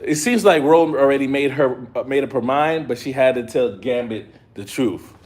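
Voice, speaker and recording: A man giving a casual live review of an episode, retelling scenes in an excitable, slangy way. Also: mid-range voice, normal speed. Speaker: show reviewer.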